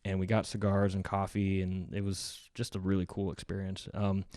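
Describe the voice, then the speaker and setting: Podcast host guy, low voice, rambling story with little laughs, dry close sound. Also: monotone, moderate pace, darkish tone, no echo. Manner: chatty storytelling, laughing between lines. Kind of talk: casual conversation.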